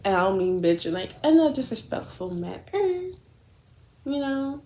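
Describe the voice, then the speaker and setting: A young woman telling a rambling, animated story while doing her makeup, swearing often and correcting herself as she goes. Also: high-pitched, moderate pace.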